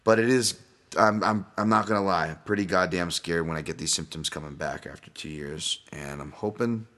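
A man's voice: low voice, moderate pace, fairly bright tone. A man hosting a solo podcast, talking in a profane, candid, ranting way. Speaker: podcast host.

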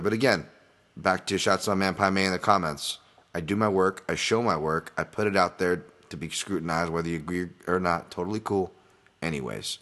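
Man, podcast host, very deep voice, rambling candid fight talk, chatty asides to listeners. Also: fairly bright tone. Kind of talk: casual solo podcast breakdown.

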